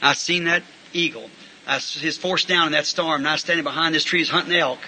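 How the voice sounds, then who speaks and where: Preacher man telling a story in his sermon, high piercing voice, faint hiss behind. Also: fairly quick, rough recording. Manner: folksy, animated, bursts into shouting. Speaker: pastor.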